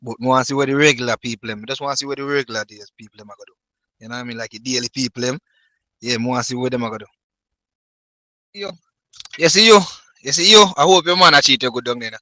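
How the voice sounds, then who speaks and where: A Jamaican man giving a heated, animated commentary in patois, in a casual ranting style. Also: mid-range voice, very fast, no room sound. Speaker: online commentator.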